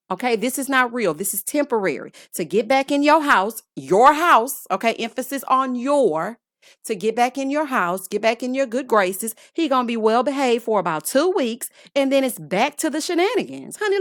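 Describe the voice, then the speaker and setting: A woman's voice: fairly high pitch, no echo, studio quality. A woman vlogger giving a sassy, exasperated recap of a reality show, talking casually to her viewers. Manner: sassy, exasperated, calls viewers honey and child.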